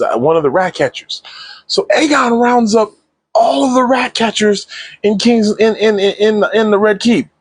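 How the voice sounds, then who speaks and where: A man casually recapping and reviewing a TV episode in slangy, animated speech, acting out the characters' lines. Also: high-pitched, breathy edge, no echo. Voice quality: animated slangy retelling with acted-out quotes. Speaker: TV show reviewer.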